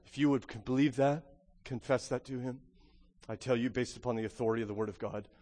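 A man preaching an Easter sermon to a church congregation, swinging between loud, emphatic proclamation and quiet, intimate appeals. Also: mid-range voice, steady tone, quick pace. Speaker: pastor.

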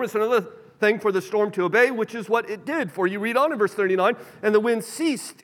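A man preaching a sermon in a church, animated, shifting his pace and loudness. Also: high-pitched. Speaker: pastor. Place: church sanctuary. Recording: reverberant hall.

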